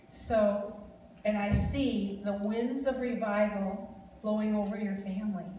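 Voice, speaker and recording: A woman's voice: medium pitch, mellow, slight background noise. A woman from Wisconsin, a guest speaker prophesying over a family in an informal, chatty way, laughing often and drifting into rambling asides. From Wisconsin, USA. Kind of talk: informal prophetic ministry talk. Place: large hall. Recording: echoey hall recording from far off.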